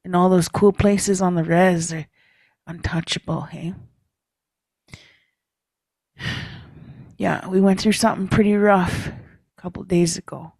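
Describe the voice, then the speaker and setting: Gravelly-voiced woman telling a personal story. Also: on the low side, a little slow, pauses often, dry recording. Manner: relaxed storytelling with frequent "hey?" and "eh?" tags; frequent throat clearing. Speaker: speaker at a First Nations leaders' caucus. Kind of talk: personal talk to a meeting. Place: meeting room.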